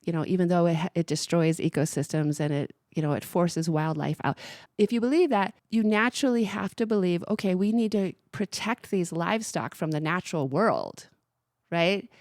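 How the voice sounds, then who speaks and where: A woman's voice: on the low side, moderate pace, a little mellow, no room sound, clean studio sound. A woman co-hosting a radio talk show, explaining earnestly in a casual discussion with frequent restarts.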